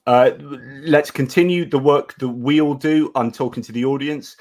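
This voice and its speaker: A man's voice: mid-range voice, moderate pace, few pauses, darkish tone. A British man hosting a casual live chat, talking in a rambling, chatty way and thanking his viewers. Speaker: host of a live chat stream.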